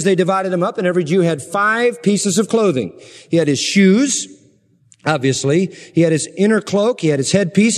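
High-voiced preacher in a reverberant hall. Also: male voice. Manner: preaching with wide swings from loud to hushed. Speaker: pastor. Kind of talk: sermon.

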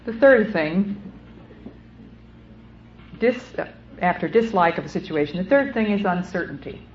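A woman's voice: lowish voice, expressive, a little mellow, roomy sound, a little hiss or hum. Woman preaching on a muffled old recording. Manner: earnest, measured, deliberate phrasing. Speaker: speaker. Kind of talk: sermon.

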